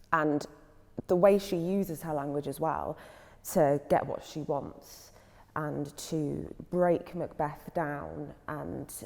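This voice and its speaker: British actress, low gravelly voice, slow and halting, hall echo. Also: female voice, darkish tone. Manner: thoughtful, with halting restarts. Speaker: actor. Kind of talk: discussing a play. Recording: roomy hall reverb.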